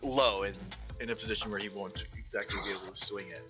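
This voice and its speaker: A man's voice: lowish voice, fairly even intonation. A man narrating as game master for a tabletop role-play, stumbling and restarting as he goes. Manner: halting, many restarts and fillers. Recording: music playing behind.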